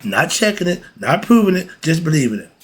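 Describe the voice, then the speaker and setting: A man's voice: fairly high pitch, sing-song, fairly quick. A man teaching philosophy in a casual, emphatic way, often throwing rhetorical questions at his listeners. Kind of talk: casual spoken lesson.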